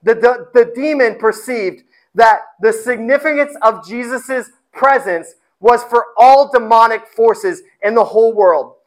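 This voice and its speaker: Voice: mid-range voice, a little slow, rough recording. A pastor preaching a sermon with emphasis, often repeating phrases and asking the congregation rhetorical questions.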